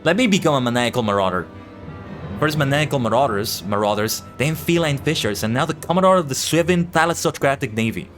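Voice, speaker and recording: A man streaming a game, chatting casually and excitably, joking and swearing freely as he plays. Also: mid-range voice, brisk, music in the background. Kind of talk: casual gaming commentary.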